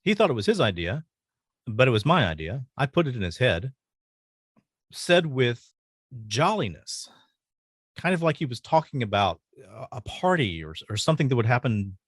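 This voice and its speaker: A man telling a personal story as a podcast guest, earnest and halting, pausing often. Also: mid-range voice, very animated, slightly rough, no echo, studio quality.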